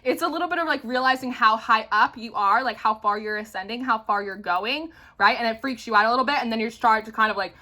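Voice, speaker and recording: A young woman talks through a tarot reading in a loose, rambling way, tossing in "like" and "right?" constantly. Her voice sits a touch high and rings bright and sharp. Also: fast talker, few pauses. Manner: chatty, many "like" fillers and "right?" tags. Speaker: tarot reader. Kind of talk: casual spoken tarot reading.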